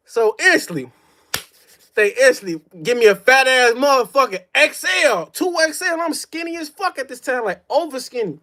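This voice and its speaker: A man's voice: very high-pitched, expressive, normal speed, sharp tone. A young man telling a personal story on a livestream, in a profane, slang-heavy way with mouth sound effects. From Chicago. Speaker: streamer.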